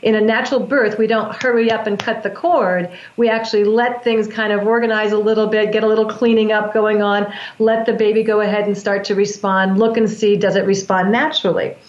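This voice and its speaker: A woman's voice: medium pitch, flat delivery, fairly quick, few pauses. A woman, a breath work practitioner, earnestly explaining her practice in an interview, often restarting her sentences. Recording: echoey, dull lo-fi sound.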